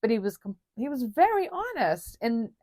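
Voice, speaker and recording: A woman's voice: fairly high pitch, very animated, moderate pace, a little mellow, no room sound, clean studio sound. Chatty woman co-hosting a film podcast. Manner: chatty, enthusiastic, acts out film scenes. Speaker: podcast co-host. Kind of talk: casual film discussion.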